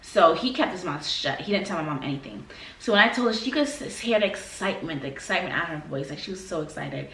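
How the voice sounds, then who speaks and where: A woman from Florida telling a story in a casual sit-down vlog, animated, emphatic and slangy. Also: lowish voice, fast talker, slight background noise. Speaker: vlogger. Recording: roomy, mic a bit far.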